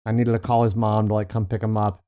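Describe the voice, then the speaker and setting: A middle-aged man with a mellow, warm tone co-hosts a podcast in casual chat. He jokes drily and wryly and tells unhurried anecdotes. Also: on the low side, flat delivery. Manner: dry, wry joking. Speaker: podcast co-host.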